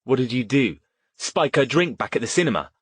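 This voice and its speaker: A man's voice: medium pitch, very animated, a little fast, breathy edge, dry recording, voice pushed up. A man voicing a frightened teenage boy who turns defiant and blurts things out when stressed.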